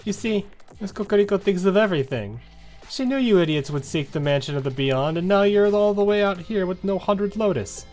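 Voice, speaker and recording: A man's voice: sits high, expressive, fairly quick, darkish tone, soft background music, voice pushed up. A man reading a sneering, scheming girl villain aloud, with a mocking and taunting manner. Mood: gloating.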